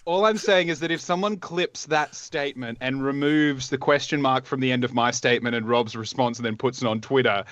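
A man's voice: medium pitch, fairly quick, hardly any pauses, a bit bright, no echo, muffled recording. A man co-hosting a casual podcast, making teasing wisecracks. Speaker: podcast co-host. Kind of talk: casual chat.

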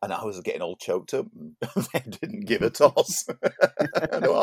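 Chatty man, very deep voice. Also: big pitch swings, normal speed, creaky, husky, no room sound, clean studio sound. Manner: chatty, laughs often, stumbles and repeats words. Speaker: podcast co-host. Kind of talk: casual chat.

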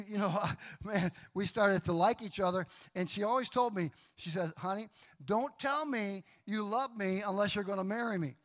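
A middle-aged man preaches in a church, voice pitched high for a man. He tells his story with animation, laughing and acting out the other voices as he goes. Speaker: pastor. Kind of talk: sermon with personal story.

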